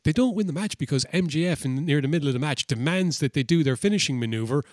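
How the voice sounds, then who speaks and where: A man with a slightly raised voice recaps wrestling on a casual show. He is animated and sweary and acts out the lines he quotes. The mic is close and the sound is dry. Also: fairly high pitch, fast talker, no echo. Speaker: podcast co-host.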